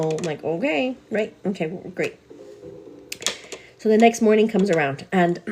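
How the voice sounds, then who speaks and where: A woman's voice: medium pitch, a little mellow. A young woman hosting a live morning show, telling a long story in a casual, chatty way and calling her viewers girl.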